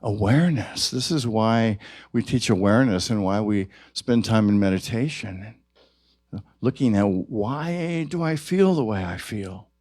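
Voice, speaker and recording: A male minister giving a sermon at a church service, gentle and reflective, his voice rising to stress key points. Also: lowish voice, unhurried, no echo, studio quality.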